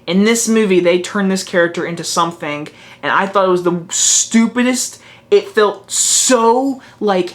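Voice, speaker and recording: A man's voice: sits high, normal speed, a bit bright. Exasperated man ranting about a film. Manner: frank and exasperated, with repeated restarts and mocking quoted asides. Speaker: movie reviewer. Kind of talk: casual spoken film review.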